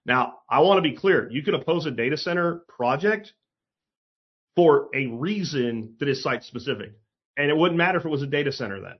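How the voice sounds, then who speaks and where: A man's voice: fairly high pitch, animated, fairly quick, husky, muffled recording. A man hosting a casual opinion monologue, talking bluntly and sarcastically, with frequent swearing and emphatic asides. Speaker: commentary host.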